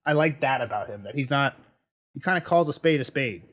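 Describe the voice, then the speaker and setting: A man's voice: mid-range voice, lively intonation, a little fast, a bit bright. Man, podcast co-host, rambling devil's-advocate talker, mid-range voice. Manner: rambling, self-correcting, playing devil's advocate. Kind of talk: casual podcast discussion.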